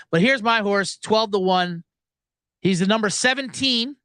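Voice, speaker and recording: Host, male, high and animated, rambling and profane, dry close sound. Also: no room sound. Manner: rambling, profane and self-interrupting. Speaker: sports betting podcast host. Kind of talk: comedic solo sports-gambling monologue.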